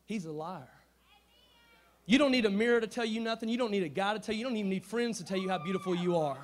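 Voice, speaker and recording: High-voiced, animated young preacher man. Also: quick pace. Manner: animated, swings from hushed to shouting; slangy, casual talk. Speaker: youth preacher. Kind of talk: storytelling sermon.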